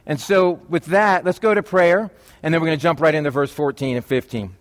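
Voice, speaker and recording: Male pastor, conversational sermon, jokey asides, a touch high-pitched. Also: fairly quick. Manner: chatty, jokey asides to the congregation.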